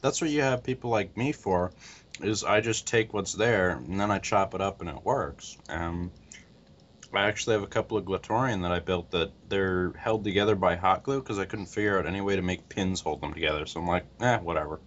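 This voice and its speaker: A man's voice: low voice, fairly quick, fairly bright tone, a little hiss or hum. A man appearing as a podcast guest who builds custom parts and talks in a laid-back, matter-of-fact way. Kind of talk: casual podcast chat. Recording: dull lo-fi audio.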